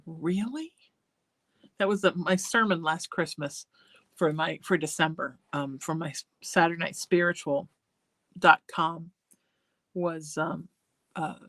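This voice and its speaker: A woman hosting a live psychic show, chatting in a rambling way, laughing often and drifting into soft singing. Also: deep voice, a little slow, pauses often, dry recording. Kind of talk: casual live-stream chat.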